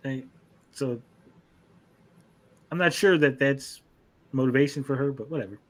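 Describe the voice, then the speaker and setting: A man's voice: mid-range voice, measured pace. A man co-hosting an anime podcast, casually recapping episodes in a rambling, profane way and acting out characters' lines.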